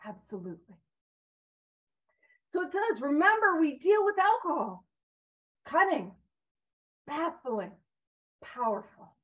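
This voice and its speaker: A woman's voice: sits high, sing-song, slow, long pauses, fairly bright tone, far from the mic, lo-fi sound. A woman speaking to a recovery group in an earnest, conversational way, with self-deprecating asides. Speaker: recovery speaker leading a big book study. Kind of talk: informal talk to a recovery group.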